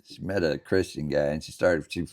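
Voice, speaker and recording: A man's voice: extremely low pitch, fairly even intonation, moderate pace, a little mellow. A man co-hosting a casual podcast, laid-back and joking, with blunt opinions. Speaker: podcast co-host. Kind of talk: casual chat.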